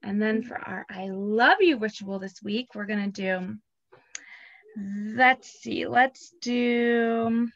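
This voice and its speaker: A woman in her thirties, a teacher leading children's story time, singing simple songs and reading a picture book aloud in a gentle, expressive way. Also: mid-range voice, slow, vocal fry. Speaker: preschool teacher. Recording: dull lo-fi sound.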